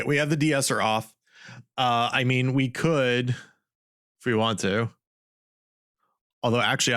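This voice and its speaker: A man streams live and chats casually, rambling and talking to his chat while he tests a studio microphone. His voice is medium-pitched and fairly bright, with no echo.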